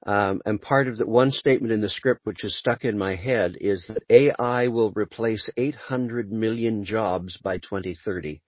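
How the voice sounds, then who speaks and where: A man's voice: fairly low pitch, no room sound, highs cut off. Dry-sounding male voice actor guest. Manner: articulate, measured. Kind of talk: casual interview chat.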